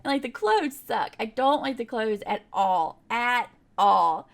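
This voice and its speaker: A woman's voice: a little high, very animated, normal speed, a little mellow. A young woman, chatting casually in a rambling voiceover over her game build, full of fillers and little laughs. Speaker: game builder narrating a speedbuild.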